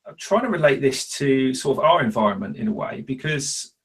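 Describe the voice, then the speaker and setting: A man's voice: medium pitch, big pitch swings, brisk. A man hosting a podcast, chatting casually with many restarts and acted-out quotes. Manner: hesitant, restarts, acts out quoted customers. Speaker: podcast host.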